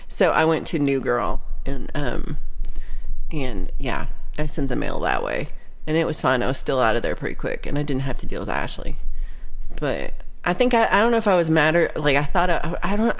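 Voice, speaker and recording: A woman in her thirties or forties hosting a casual livestream chat, telling ranting stories with plenty of swearing and reading out viewer comments. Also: low-pitched. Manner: animated ranting storyteller, swears freely. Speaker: livestream host.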